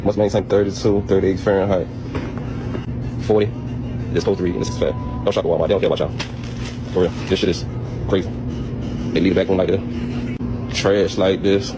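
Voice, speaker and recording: Indignant deep-voiced man with music behind. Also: poor audio. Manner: blunt and indignant, swears freely. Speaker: customer filming a store complaint. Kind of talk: angry phone video rant.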